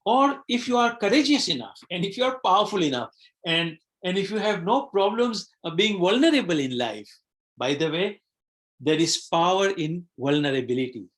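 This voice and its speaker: A man's voice: high voice, big pitch swings, normal speed, a bit bright. A man hosting a live online webinar as a coach. He talks reflectively, asks the audience questions and often repeats words.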